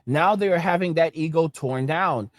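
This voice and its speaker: A man rants and preaches as the host of an online commentary show, his voice sitting a little high for a man. He lectures with a mocking edge. The recording is dry and close, with no room sound. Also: moderate pace, no room sound.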